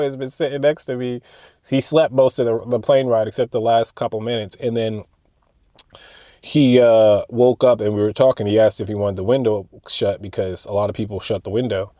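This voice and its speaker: Rambling man with a mellow voice. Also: mid-range voice, moderate pace, no echo, studio quality. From United States. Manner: rambling, animated retelling with frequent fillers and restarts. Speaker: vlogger. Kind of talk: casual storytelling monologue.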